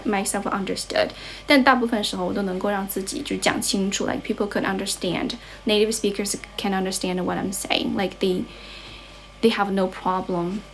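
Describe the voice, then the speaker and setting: A woman's voice: medium pitch, a little hiss or hum. A young Chinese woman, an English tutor, chatting casually on a livestream and reading out viewers' comments. She mixes English with Mandarin and often stops to correct herself.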